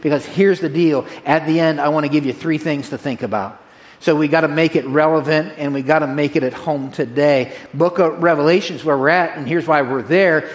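Pastor guy preaching, slightly high voice, chatty and folksy, keeps repeating his points. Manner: energetic, direct, repeats key phrases to a congregation. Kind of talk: sermon.

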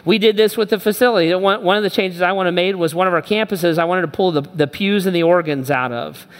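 A man's voice: sits high, fairly quick. A middle-aged male pastor preaching a sermon, emphatic and repetitive, speaking straight to his listeners. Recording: long hall reverb.

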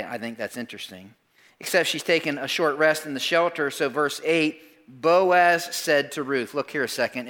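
Bright-voiced male preacher telling a story. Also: on the high side. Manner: animated storytelling, drops to a soft hush for tender moments. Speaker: pastor. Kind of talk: sermon.

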